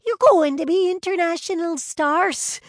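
A woman reading an audiobook and voicing an excitable young woman who gushes over celebrities, squealing loudly. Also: high-pitched, unhurried, no room sound, studio quality, voice pushed up, heavily acted. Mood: gushing. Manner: squealing, breathless enthusiasm.

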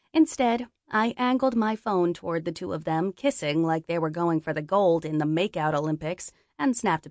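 A young adult woman narrating a first-person audiobook, lively and wry. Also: lowish voice, no room sound, studio quality.

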